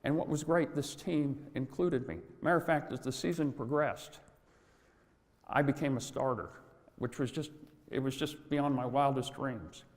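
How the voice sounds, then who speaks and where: A man's voice: mid-range voice, normal speed. A man in his sixties giving a folksy, anecdotal motivational talk at a conference, in a large hall. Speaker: conference speaker. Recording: long hall reverb.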